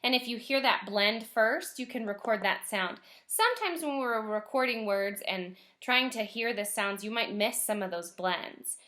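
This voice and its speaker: Woman, first grade teacher, bright clear voice, slightly high, gentle and encouraging, stretches words out slowly. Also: animated. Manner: slow, stretched-out sounding of words. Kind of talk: recorded remote lesson for children.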